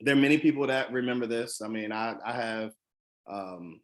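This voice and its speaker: A man's voice: medium pitch, moderate pace. A man from the Washington DC area telling a personal motivational story, earnest and emphatic, with frequent ums and restarts. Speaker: motivational speaker.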